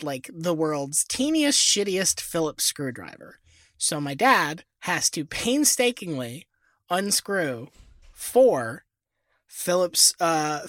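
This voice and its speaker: A woman's voice: on the low side, a bit bright, dry recording, studio quality. A woman co-hosting a comedy podcast, telling rambling, self-deprecating stories. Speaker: podcast co-host.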